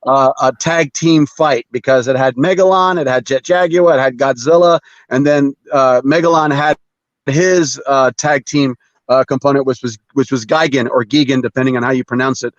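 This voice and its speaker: A man as a guest in a casual chat about comics, talking haltingly with many fillers and frequent chuckles over a video call. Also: medium pitch, steady tone, no room sound. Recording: dull dry video call audio.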